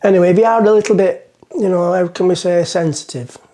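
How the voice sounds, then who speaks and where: Talking fast in a high but dark-toned voice, a middle-aged vlogger stands at the bow of a boat and rambles through a joke for the camera. He's chatty and pokes fun at himself as he goes.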